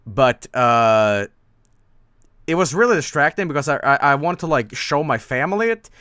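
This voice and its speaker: A man rambles through a casual stream, tripping over his words and laughing as he goes. His pitch jumps up and down a lot. The sound is dry and close, with no room echo. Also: animated, moderate pace, a bit bright, clean tone. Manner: rambling, stammering, laughing often. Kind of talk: casual live-stream chat.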